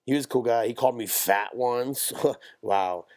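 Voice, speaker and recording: A man's voice: medium pitch, darkish tone, dry recording, clean studio sound. A young man chatting casually on a podcast, telling rambling, profane stories with jokes. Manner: profane, rambling, jokey, quick bursts. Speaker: podcast co-host. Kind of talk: casual chat, storytelling.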